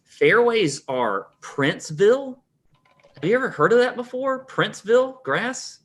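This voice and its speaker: A male podcast co-host with a bright, forceful tone. He rattles off course details and past results in a brisk, businesslike rundown for a casual fantasy golf chat. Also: high-pitched, sing-song. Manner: runs through course facts in a brisk rundown.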